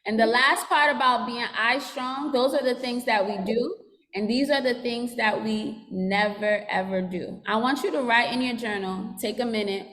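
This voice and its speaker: A woman's voice: a little high, normal speed, fairly bright tone, long reverb tail. Woman addressing a school assembly. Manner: teacherly, asks class to repeat and write. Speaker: school social worker. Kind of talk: school assembly talk to students.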